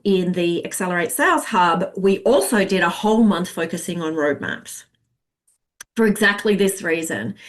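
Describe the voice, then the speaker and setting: Chatty expressive woman sales coach. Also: mid-range voice. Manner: expressive, chatty, acts out client voices. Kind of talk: webinar masterclass teaching.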